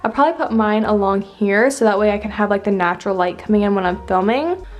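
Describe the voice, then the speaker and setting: A woman's voice: mid-range voice, quick pace, muffled recording. A young woman vlogging a tour of her empty apartment, chatty and upbeat, with lots of "like" fillers. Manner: chatty, uses "like" often, upbeat. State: a bit out of breath. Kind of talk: casual home tour vlog. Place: empty apartment with bare rooms, indoors.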